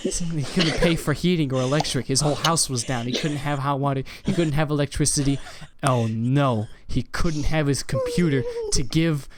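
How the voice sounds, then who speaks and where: A young man tells a rambling, crude improvised story on a live stream. His pitch swings widely as he goes. Loud background noise runs under his voice throughout. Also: sing-song, normal speed, hardly any pauses.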